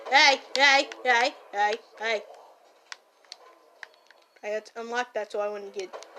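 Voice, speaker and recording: Woman voicing a hot-tempered young gang-boss guy, slow and bright, scolds and yells. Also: on the high side, slight background noise. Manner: loud, scolding, easily startled, playful yelling. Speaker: fan voice actor. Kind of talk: listener role-play while gaming.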